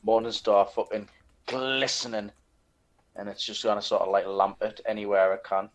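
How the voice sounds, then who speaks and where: A man's voice: lowish voice, little pitch movement, normal speed. An older man playing a tabletop game, describing his character's moves crudely and with lots of swearing. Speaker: player. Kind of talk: casual tabletop play.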